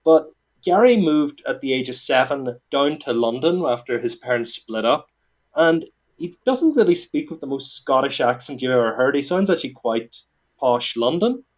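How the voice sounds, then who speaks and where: A man with a Northern Irish accent hosts a casual podcast chat, telling a story full of dry jokes and plenty of fillers. His medium-pitched voice is animated and moves at a normal speed. The sound is dull and lo-fi.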